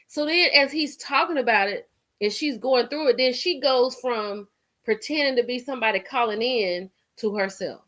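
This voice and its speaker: A woman hosting a casual live stream, reacting to viewer comments in an animated way. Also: on the high side, moderate pace. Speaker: livestream host.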